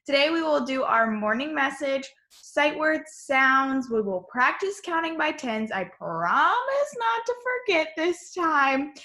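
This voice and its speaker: A woman teacher giving an online lesson to young children, speaking in a slow, sing-song, encouraging way on a computer mic. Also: high-pitched, big pitch swings, sharp tone.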